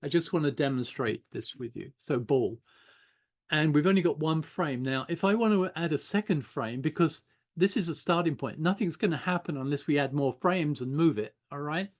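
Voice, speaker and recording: A man's voice: a little high, normal speed. An older man giving an informal online animation class, chatting loosely while he draws and thinks aloud. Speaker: animation teacher.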